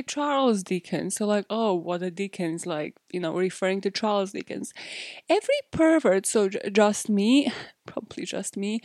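A woman's voice: medium pitch, a little mellow, no room sound, clean studio sound. Chatty self-mocking woman podcast host. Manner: chatty, self-mocking, laughs often, swears freely. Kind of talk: casual true-crime podcast chat.

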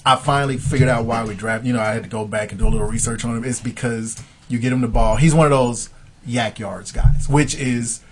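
A man talking sports and telling stories in a relaxed chat with friends, laughing often. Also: medium pitch, brisk. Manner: animated storyteller, laughs often. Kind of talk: casual chat.

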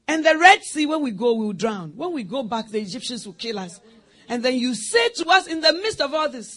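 A woman with a high-sitting voice preaches a sermon, acting out scenes. She swings between loud outbursts and hushed whispers and often laughs as she speaks.

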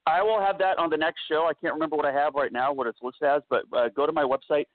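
A man appearing as a guest on a live show, talking quickly with many fillers. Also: a little high, fairly even intonation, no echo. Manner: fast, many fillers and restarts. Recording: dry tinny phone-like line.

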